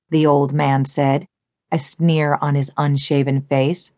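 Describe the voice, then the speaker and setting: A woman reading an audiobook as narrator in an even, measured storytelling manner. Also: low-pitched, no echo, clean studio sound. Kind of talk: scripted narration.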